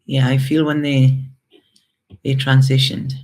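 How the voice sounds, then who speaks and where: A man at a middle pitch gives a spirit-message reading to his viewers. He talks haltingly, restarts often and breaks off into heartfelt asides while relaying what he senses. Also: monotone, darkish tone. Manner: hesitant and repetitive, with many fillers and emotional asides. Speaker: tarot reader. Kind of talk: intuitive spirit reading to camera.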